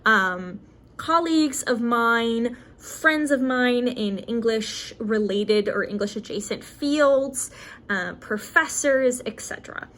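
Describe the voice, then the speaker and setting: A graduate student in her twenties talks candidly to the camera in a casual study vlog, chatty and full of fillers and self-corrections, and briefly gets emotional. Her voice is a little high, expressive, slow and fairly bright.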